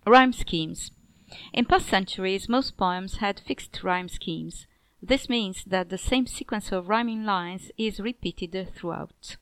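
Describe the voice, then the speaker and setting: A woman narrating a scripted lesson on poetry in a measured way, dropping her pitch at the end of each line. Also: a bit bright, no echo. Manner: measured, clear, drops pitch at line ends.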